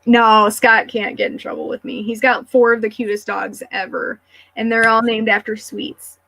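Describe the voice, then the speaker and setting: A woman guest in a casual chat, gushing warmly about people she met and filling her talk with "like". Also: fairly high pitch, level tone, moderate pace, no echo. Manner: gushing, filler-heavy with frequent "like".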